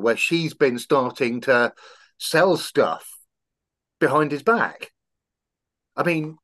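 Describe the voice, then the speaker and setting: A man co-hosting a book podcast, chatting casually and reading passages aloud with animated character voices. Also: medium pitch. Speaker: podcast co-host discussing a novel.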